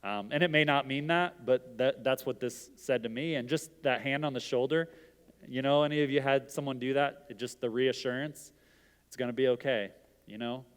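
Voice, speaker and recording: A middle-aged man preaches an interactive sermon in a mid-range, clean voice at a moderate pace, chatting casually and putting questions to the audience. The recording carries a long hall reverb.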